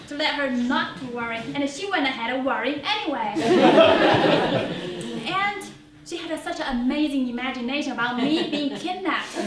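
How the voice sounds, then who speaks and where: A high-voiced woman tells her own story in a one-woman stage monologue, earnest and reflective. Her voice fills a roomy theater and is picked up from a distance, with faint hiss underneath. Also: animated, unhurried, over a noisy crowd. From China. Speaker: solo stage performer. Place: small theater stage before an audience.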